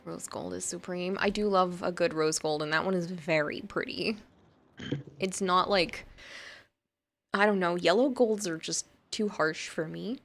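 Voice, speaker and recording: Her voice fairly low, gravelly and a little slow, a woman livestreamer rambles casually while playing a game. She reads her chat aloud and often breaks into laughter.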